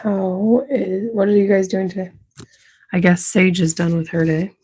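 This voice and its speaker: Mellow, husky woman in her thirties. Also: medium pitch, flat delivery, moderate pace. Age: 30s. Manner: greets viewers, plays with whispering. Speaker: livestream host. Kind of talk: casual live-stream chat.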